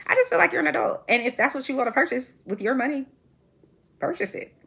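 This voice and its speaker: A woman in her forties talks straight to her viewers about celebrity gossip in a casual, sassy way, laughing as she goes. Her voice is slightly husky and her pitch jumps up and down with a lot of life. She sounds relaxed and opinionated. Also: fast talker. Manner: animated, sassy, laughs often. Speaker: reality TV commentary host. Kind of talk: casual chat.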